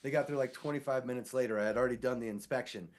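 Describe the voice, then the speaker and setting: An animated man spins a story in relaxed podcast chat. He keeps slipping into quick impressions of the people he quotes, and his voice sits in a middle pitch. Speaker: podcast co-host; sewer inspector.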